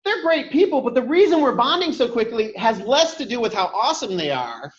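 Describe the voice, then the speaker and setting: A boisterous, loud man teaches an online workshop, his voice pitched high and swinging widely up and down. It sounds dull and lo-fi, caught in an echoey room. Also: sing-song, a little fast. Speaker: instructor. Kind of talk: online workshop talk with personal stories.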